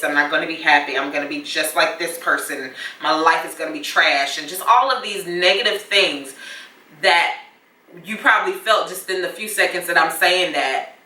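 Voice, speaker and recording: A young woman shares a personal story on her vlog, candid and reflective, slipping into casual slang. Her voice is lowish but bright and forward. She sits back from the mic in a room with a noticeable echo. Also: distant mic. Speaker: vlogger.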